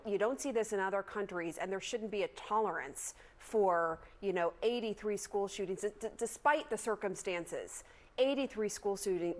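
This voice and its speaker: A woman news anchor delivering a story and interviewing guests in an earnest, pressing manner. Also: mid-range voice.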